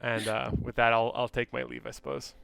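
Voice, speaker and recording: A man's voice: mid-range voice, level tone, a little fast, gravelly, fairly bright tone, soft background music. A man speaking in character as a player in a tabletop game, hesitant and full of fillers. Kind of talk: in-character role-play.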